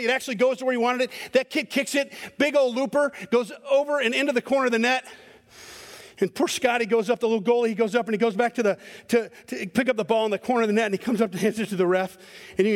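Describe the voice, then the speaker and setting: A male pastor preaching a sermon, telling a story in a lively, animated way with repeated words. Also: extremely high pitch, racing. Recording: long hall reverb.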